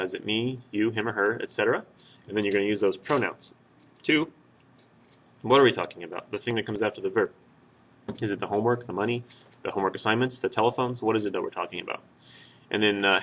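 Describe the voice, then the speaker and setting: A man's voice: fairly low pitch, fairly bright tone, dull audio. A man teaching a Spanish grammar lesson over a screen recording, explaining patiently with fillers and self-corrections.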